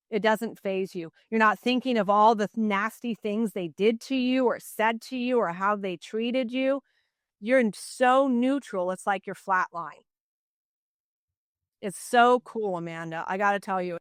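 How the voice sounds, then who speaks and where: A middle-aged woman talks through a personal story as a podcast guest, earnest and animated, with a steady "you know" running through her speech. Her voice is smooth and resonant at a medium pitch. The recording is close and dry, with no room sound. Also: no room sound. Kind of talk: casual interview storytelling.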